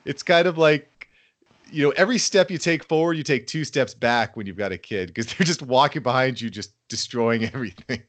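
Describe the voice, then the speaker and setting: A man's voice: mid-range voice, a little fast, a bit bright. A man in his thirties, a podcast guest, talking casually and enthusiastically. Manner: upbeat and enthusiastic. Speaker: podcast guest, fatherhood brand founder. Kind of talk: casual interview conversation.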